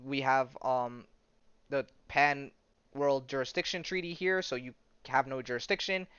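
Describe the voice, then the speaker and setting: A stern, by-the-book male space officer giving orders, read out by a man in his own voice. The voice is smooth and mid-pitched. The sound is dull and lo-fi. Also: fairly even intonation, a little slow, fairly bright tone, dry recording, lightly acted.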